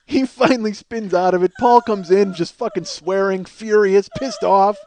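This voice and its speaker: This man's high, slightly mellow voice carries fairly even intonation at a moderate pace. He's a comedian host delivering a storytelling monologue on a podcast, profane throughout and laughing at his own story.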